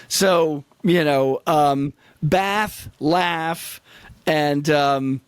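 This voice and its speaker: A man's voice: on the high side, very slow, clear, resonant tone, no room sound. A man co-hosting a casual history discussion over a video call, explaining slang terms with examples. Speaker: podcast co-host.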